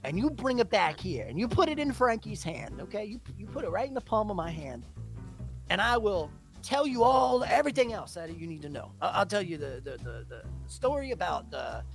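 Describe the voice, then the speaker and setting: A man's voice: high-pitched, very animated, a little fast, creaky, soft background music, full character voice. A man playing a shady, greedy shopkeeper who talks in a wheedling, stammering way. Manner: wheedling, stammering, full of fillers.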